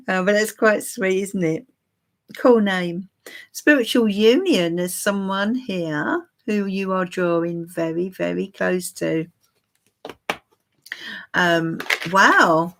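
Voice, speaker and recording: A woman doing a live tarot reading for her viewers. She talks slowly and muses over each card, with plenty of ums and restarts, at a middle pitch for a woman. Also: a bit bright, a little hiss or hum. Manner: slow, musing, hesitant with many fillers. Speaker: tarot reader.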